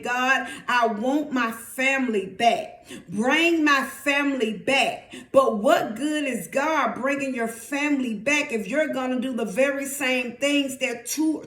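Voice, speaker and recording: A woman's voice: sits high, fairly bright tone, echoey room. A woman preacher delivering an emphatic, repetitive sermon.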